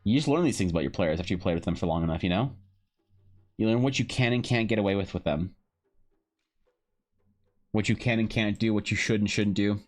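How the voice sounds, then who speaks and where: A man streaming live while drawing, chatting casually in a rambling, joking way with animated asides. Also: on the low side, brisk, long pauses. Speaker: streamer and game master. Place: home streaming setup.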